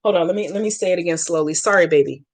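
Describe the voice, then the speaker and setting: Over a little hiss or hum, a woman with a lowish voice talks rapid-fire while hosting a live hoodoo Q&A. She chats brashly and profanely with viewers and, in slangy, emphatic terms, walks them through a spell step by step in this casual tutorial.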